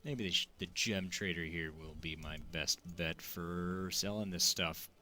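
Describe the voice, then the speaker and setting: A man giving excitable gameplay commentary, exclaiming and joking as he plays. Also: low-pitched, measured pace. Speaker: gaming video creator.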